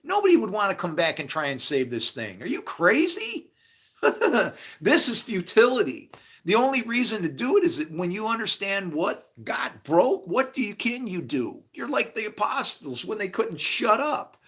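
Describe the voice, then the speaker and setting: A man's voice: high voice, sing-song, moderate pace, fairly bright tone, breathy edge. A man giving a rambling, casual spiritual monologue, swearing freely, laughing often and acting out imagined conversations. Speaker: spiritual speaker.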